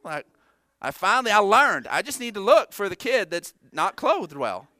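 A middle-aged male pastor preaching a sermon in a church, animated and joking with the congregation between points. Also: high voice, normal speed, dry recording, clean studio sound. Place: church sanctuary.

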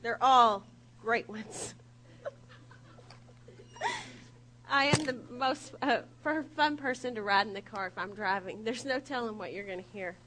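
A woman preaching a humorous sermon, telling stories in an animated, self-mocking way. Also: on the high side, a little slow, pauses often, a little hiss or hum, rough recording.

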